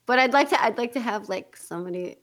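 A woman co-hosting a podcast in casual chat, excitable and quick to laugh, swearing freely and rushing some thoughts out in fast bursts. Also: on the high side. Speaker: podcast co-host.

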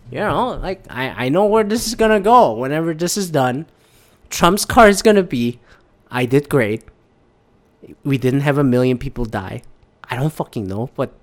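Young guy ranting, swears a lot, gets loud and heated then mutters, keeps restarting. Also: medium pitch. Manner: blunt, sweary, excitable, with frequent restarts. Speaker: commentator. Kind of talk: profane political rant.

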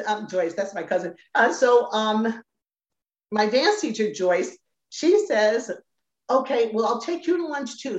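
An older woman, a former dancer, telling her story in an interview, acting out the people in it and laughing often. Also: fairly high pitch. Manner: animated storyteller who acts out quoted voices and laughs often. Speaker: guest, former Rockette. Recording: roomy, slightly dull remote audio.

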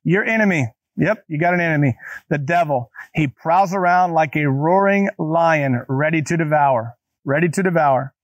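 A man's voice: on the high side, normal speed, no room sound, dull audio. A man preaching a conversational sermon, talking straight to his listeners and repeating key phrases for emphasis. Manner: casual, talks directly to listeners. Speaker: pastor.

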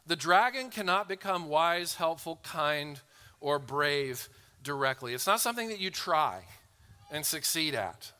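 A man preaching a sermon as pastor, earnest, often repeating a word as he starts a phrase and slowing right down to read scripture. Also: on the high side, expressive, pushed and bright, clean tone.

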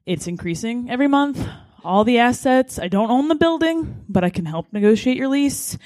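A woman, a coffee shop owner, pitching her business in a chatty, candid way. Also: expressive, normal speed, darkish tone, dry recording. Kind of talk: informal sales pitch.

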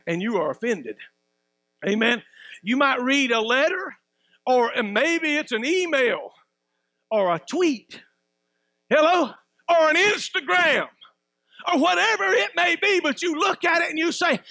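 A middle-aged man preaching a sermon as pastor, shouting at times and calling for responses from the congregation. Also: very high voice, expressive, moderate pace, dry recording.

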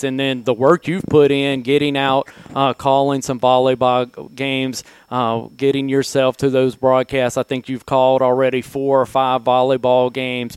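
A man's voice: medium pitch, clear, resonant tone, dry recording. A man hosting a casual sports talk show, leading the discussion in an easygoing way. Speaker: show host.

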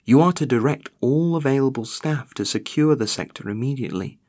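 A man voicing a sinister facility worker who speaks formally and smoothly while lying. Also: medium pitch, lively intonation, a little fast, darkish tone, pitched above the performer's own voice.

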